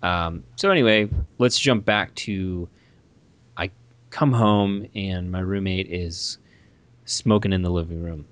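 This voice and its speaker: A young man chatting casually, telling a rambling roommate story with lively asides. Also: sits low, slow pace, smooth, no echo. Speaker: guest storyteller. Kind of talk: casual chat.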